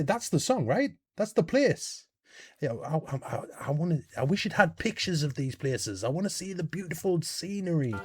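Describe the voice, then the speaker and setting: A British man hosting a casual reaction video, animated and thinking out loud with questions and exclamations. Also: fairly high pitch. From United Kingdom.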